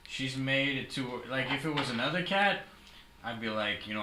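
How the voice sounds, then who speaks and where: A man's voice: medium pitch, expressive, moderate pace. A young adult man hosting a casual livestream chat, rambling and playful with many restarts. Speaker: host. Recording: echoey room with faint noise.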